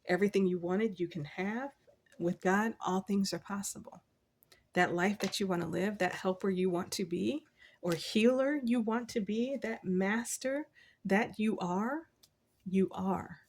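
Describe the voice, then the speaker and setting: A woman talks through a tarot reading in a relaxed, chatty way, cheering the listener on and dropping in lines of scripture. Her voice sits at a middle pitch with a gravelly, creaky texture. She laughs easily between thoughts. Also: measured pace. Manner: encouraging, chatty, laughs often; quotes scripture. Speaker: tarot reader. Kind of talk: casual spoken tarot reading.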